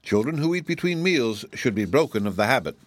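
A man's voice: medium pitch, very animated, brisk, no room sound. A man voicing a sleepy old dragon who lectures the young about patience. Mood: lecturing. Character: drowsy old dragon, sternly preachy.

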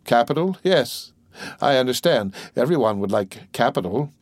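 A grasping old jailbird of fifty wheedles and pries, as a male reader puts him on. The voice sits a touch higher than the reader's own, crafty and insistent. Close and dry, no room around it. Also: animated, moderate pace, dry recording, lightly acted. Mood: prying. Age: 50s. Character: cunning, greedy 50-year-old ex-convict man.

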